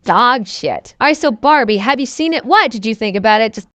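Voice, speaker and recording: A woman's voice: on the high side, lively intonation, brisk, a bit bright, no echo, highs cut off. A woman giving a casual, sarcastic, profane movie review to camera, wandering off on tangents.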